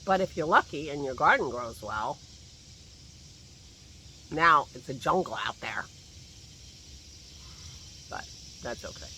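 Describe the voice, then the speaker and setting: Vlogging casually in his garden with his phone at arm's length, a man rambles, chats, and laughs to himself despite a slight lingering cough. His medium-pitched voice is animated, bright, and forceful, yet he takes it slowly with long pauses, and a little hiss or hum sits underneath.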